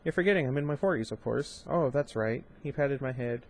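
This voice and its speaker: A man's voice: mid-range voice, a little fast, hardly any pauses, darkish tone, slight background noise. A young man reading a novel aloud on his channel, breaking off into casual, chatty asides with fillers and restarts. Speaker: audiobook reader and channel host. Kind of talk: amateur book reading with commentary.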